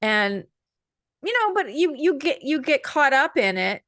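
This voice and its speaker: A woman's voice: high voice, sing-song, measured pace, fairly bright tone, no echo, studio quality. A woman co-hosting a casual chat, nasal and congested from allergies, opinionated and rambling with fillers. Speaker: co-host.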